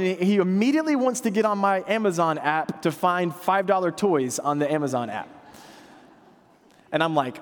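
Pastor, male, 30s; light high voice, chatty sermon delivery with self-mocking humor, church hall with long echo. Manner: conversational storytelling preacher, self-deprecating humor. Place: church sanctuary.

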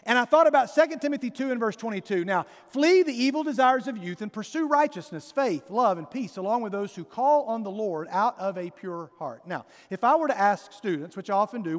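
High-voiced preacher telling a story in a hall. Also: male voice, fairly quick, hardly any pauses. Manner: storytelling, animated, acts out voices in his story. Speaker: pastor. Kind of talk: sermon. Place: church sanctuary. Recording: reverberant church hall.

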